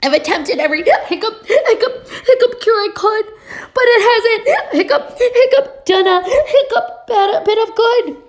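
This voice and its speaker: A woman's voice: very high-pitched, lively intonation, measured pace, voice pushed up. A woman voicing a flustered child whose words keep breaking on hiccups and giggles.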